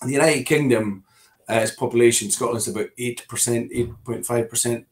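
A middle-aged Scottish man speaks as an interview guest in a mid-pitched voice. He talks his way round a point, often restarting and repeating words before carrying on. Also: brisk. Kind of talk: conversational political discussion.

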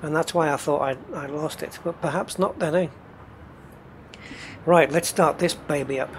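Fairly high in pitch and fairly even in intonation, this man's voice moves at a moderate pace over slight background noise. He's a gaming channel host from northeast England with a faint local accent, giving chatty commentary on a truck game and talking both to himself and to viewers as he drives.

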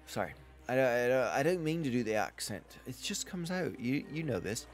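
Excitable man narrating his gameplay. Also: fairly low pitch, brisk, soft background music. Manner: chatty, talks to himself and to game characters, yelps at scares. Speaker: gamer playing a survival game. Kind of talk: casual let's-play commentary.

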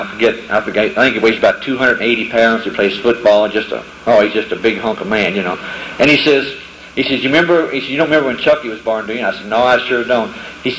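A man's voice: mid-range voice, fairly bright tone, slight background noise. A middle-aged man giving a folksy testimony to young people, acting out the voices of the people in his stories. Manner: storytelling, acts out quoted voices, folksy grammar. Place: camp meeting hall. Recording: echoey hall with faint ambience.

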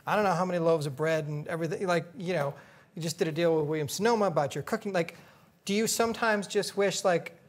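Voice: medium pitch, quick pace. A host interviewing a chef casually, chiming in with short agreements and asking long, rambling questions.

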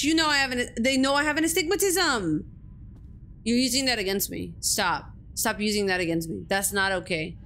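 A woman's voice: medium pitch, lively intonation, normal speed, fairly bright tone, slight background noise. A young woman streaming a horror game, jumpy, swearing freely and talking back at the game as she plays. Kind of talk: live-streamed gameplay commentary.

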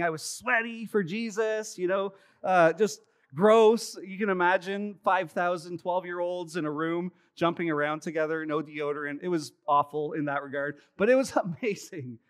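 A man's voice: sits high, moderate pace, few pauses, fairly bright tone, smooth. A man in his thirties preaching a sermon to his congregation, telling stories in a chatty way with self-deprecating humor. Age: 30s. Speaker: pastor. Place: church sanctuary, live service.

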